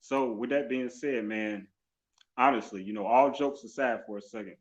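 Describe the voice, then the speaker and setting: A man's voice: medium pitch, normal speed, highs cut off. A male interview host with an upbeat, encouraging, repetitive way of talking. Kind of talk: casual live-stream interview.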